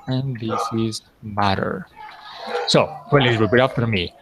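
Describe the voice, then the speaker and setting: Guy teaching english, cheering students on, modeling words slow and clear, mid-pitched voice. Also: background noise. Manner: encouraging, praises often, models words slowly. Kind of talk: classroom pronunciation drill.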